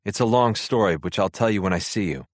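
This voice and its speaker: A man's voice: on the low side, lively intonation, quick pace, no room sound, studio quality, lightly acted. A man playing a terse, guarded agent.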